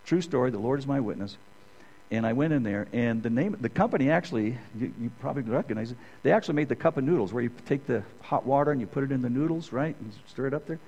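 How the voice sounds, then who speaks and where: A man's voice: mid-range voice, lively intonation, fast talker, a little mellow, muffled recording. A middle-aged man teaching a conversational sermon, rambling through personal stories and often checking in with "okay?". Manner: rambling, keeps asking "okay?". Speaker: Bible teacher.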